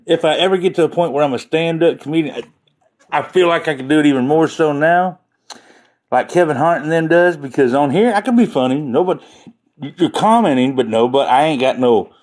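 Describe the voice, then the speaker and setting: A man hosting a casual livestream, joking and rambling with his viewers and laughing often. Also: fairly high pitch. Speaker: livestream host chatting with viewers.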